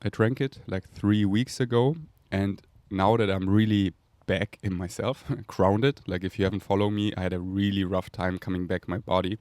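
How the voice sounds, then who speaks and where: Low-sitting and darkish, this podcast host's German-accented voice holds a steady tone at a moderate pace with few pauses, recorded without echo. His spiritual musings are dreamy and meandering, broken by frequent laughter and breathy whooshes.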